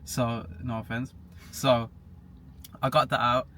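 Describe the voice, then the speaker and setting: Flat-voiced young man, casual chat. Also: mid-range voice, takes it slowly. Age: young adult. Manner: flat, matter-of-fact, laughs at himself. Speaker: guest. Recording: faint background hiss.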